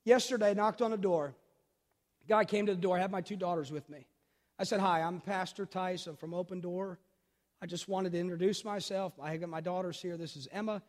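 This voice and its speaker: Man, pastor, sermon, high voice, long echoing hall reverb, urgent then hushed, repeats phrases. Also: steady tone, brisk. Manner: preaching with swings from loud, urgent emphasis to quiet, intimate storytelling; repeats phrases for emphasis and addresses listeners directly.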